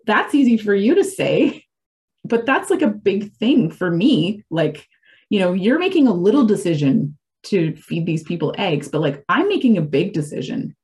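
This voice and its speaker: A woman's voice: medium pitch, sing-song, moderate pace, darkish tone, natural voice. A woman voicing a reluctant pig in a fable she tells, hesitant and protesting.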